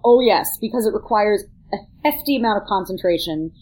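A woman's voice: medium pitch, animated, a little fast, darkish tone, low-quality recording. A woman who is a vocal coach, explaining singing technique and showing sounds as she goes. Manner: instructive, demonstrates sounds while explaining. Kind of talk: teaching on a talk show.

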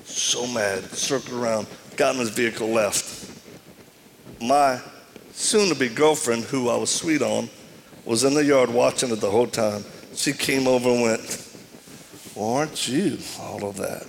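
Cajun male preacher, mid pitch, gravelly, playful storyteller, noisy live feed. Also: unhurried, long reverb tail. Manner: humorous, animated storytelling with self-deprecating asides.

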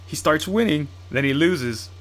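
A man's voice: on the high side, expressive, measured pace. A man in casual chat, rambling and swearing as he retells comic storylines and acts out the characters' lines.

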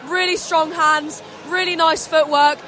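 A young woman with a high, sharp voice gives casual rugby co-commentary from a stadium stand, with some chatter in the background. Her intonation is fairly even and her pace unhurried. Her match analysis is chatty and full of "I mean" and "um."

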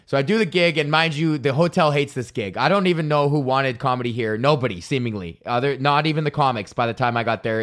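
A man hosting a comedy podcast, telling a loose, profanity-laced story rant. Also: mid-range voice. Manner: swears a lot, loose and animated, fillers and restarts.

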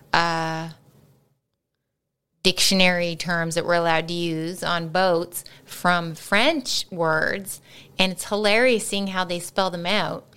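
A woman co-hosting a podcast, chatting casually in an animated way, laughing often and swearing freely. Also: lowish voice, clean tone. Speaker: podcast co-host. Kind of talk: casual chat.

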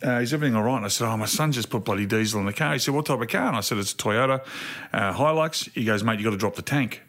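A man in his forties with an Australian accent, co-hosting a podcast and telling a story in an animated way, acting out the quoted lines. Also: medium pitch, rapid-fire. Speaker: podcast co-host. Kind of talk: casual chat.

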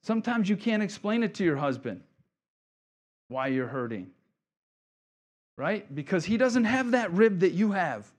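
Middle-aged pastor, man, casual joking sermon delivery, slightly high pitch. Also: very animated, unhurried, pauses often. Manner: casual, joking preacher with asides and voiced quotes. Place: church sanctuary.

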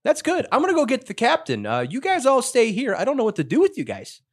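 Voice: mid-range voice, huge pitch swings, quick pace, pitched above the performer's own voice. A game master voicing a flustered starship crewman in a red shirt, with a clumsy attempt at a Scottish accent. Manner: stumbling, hesitant and keeps breaking off.

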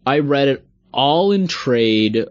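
Brief: mid-pitched man, laid-back co-host, dry close sound, dull lo-fi. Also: lively intonation, slow, dry recording. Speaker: podcast co-host. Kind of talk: casual chat.

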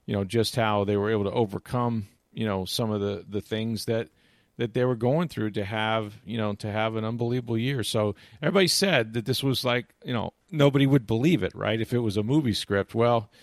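Low-voiced man rambling about sports. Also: brisk, no echo, studio quality. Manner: rambling, full of restarts and "you know"; animated retelling of game moments. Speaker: sports commentator. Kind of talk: casual chat.

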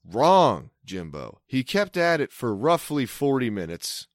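A man's voice: mid-range voice, big pitch swings, moderate pace, no echo, studio quality. A man from Maryland telling a long story in casual chat, rambling, swearing a lot and breaking off his sentences. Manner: rambling, profane, self-interrupting.

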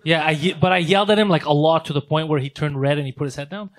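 A man hosting a casual comedy podcast, telling a story in an animated way and swearing freely. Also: a little high, quick pace. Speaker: podcast host.

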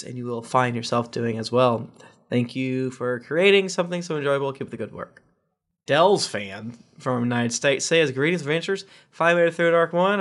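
A man's voice: fairly high pitch, a bit bright. A man hosting a podcast, reading listener reviews aloud with joking asides. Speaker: podcast host.

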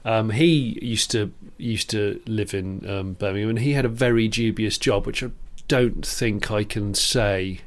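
A podcast co-host with a lowish voice chats casually at a measured pace with few pauses. His anecdotes ramble, with frequent restarts and chuckles.

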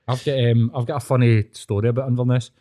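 A man's voice: medium pitch, flat delivery, fast, mellow. A Scottish man in middle age hosts a laid-back podcast, spinning a bawdy yarn. He swears freely and keeps breaking into laughter as he talks. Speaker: podcast host. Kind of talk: casual podcast chat.

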